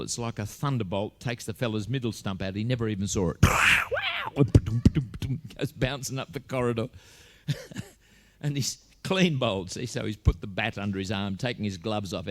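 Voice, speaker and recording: A man's voice: on the low side, slight background noise. An Australian man from Western Australia, telling stand-up jokes and stories and slipping into put-on voices and accents. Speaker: comedian.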